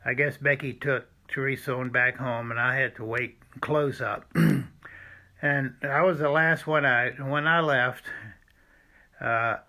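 A man telling a personal church testimony in a halting way, with frequent restarts and throat-clearing. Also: mid-range voice, steady tone, sharp tone. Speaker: former seminary student telling a church story.

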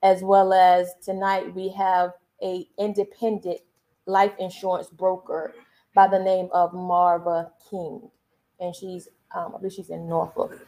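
A woman's voice: on the low side, level tone, unhurried, dark tone. A woman hosting a podcast, setting up scenarios and prompting her guest in casual chat. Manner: prompting, sets up scenarios for questions. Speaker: podcast host.

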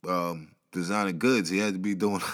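Lowish voiced guy rambling through a story, lots of slang and side comments. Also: fairly even intonation, moderate pace. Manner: slangy, rambling, laughs at his own asides. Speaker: commentary vlogger.

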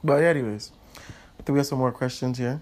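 A man telling a heated personal story in casual chat, animated, laughing and swearing as he goes. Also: medium pitch, a little fast. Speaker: host.

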